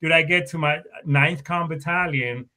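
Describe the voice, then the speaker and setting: A man's voice: a little high, normal speed, sharp tone. A middle-aged man, a veteran guest, telling stories in a casual, rambling way, swearing often and correcting himself mid-sentence. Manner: profane, rambling, self-correcting. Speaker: guest, Marine Corps veteran warrant officer. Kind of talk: casual storytelling interview.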